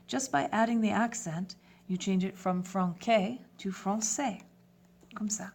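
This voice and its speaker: A woman teaching a French lesson in English, giving clear step-by-step instructions. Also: medium pitch, fairly even intonation, moderate pace, darkish tone. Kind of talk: classroom lesson.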